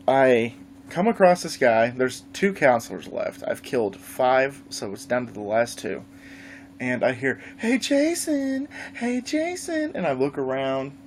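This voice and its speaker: A man vlogging live, telling a gaming story in a casual, animated way and swearing freely. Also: mid-range voice, a little hiss or hum. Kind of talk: casual livestream chat.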